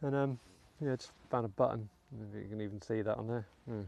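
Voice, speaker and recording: A British metal detecting host from the United Kingdom chats easily to viewers as he digs in a rainy, wet field outdoors, adding little muttered asides. His voice is mellow and relaxed yet gravelly, on the low side and brisk. The sound is close, dry and lo-fi.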